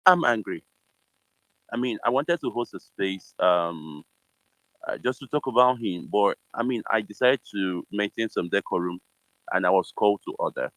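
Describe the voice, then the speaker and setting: A man's voice: lowish voice, expressive, moderate pace, a bit bright, no room sound, poor audio. A man hosting a live audio chat room, hedging with lots of fillers but pointed in his questions. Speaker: host.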